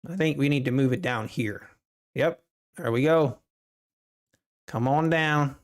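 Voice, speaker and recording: A man's voice: mid-range voice, unhurried. A man hosting a live trading stream, chatting casually with viewers and laughing often. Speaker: livestream trading host.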